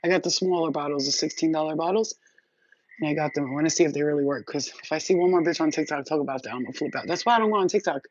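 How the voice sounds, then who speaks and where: A woman's voice: low-pitched, very fast, darkish tone. A middle-aged woman vlogging to her viewers in a casual, blunt chat, swearing freely as she talks on. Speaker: spiritual reader and vlogger. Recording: dull lo-fi audio.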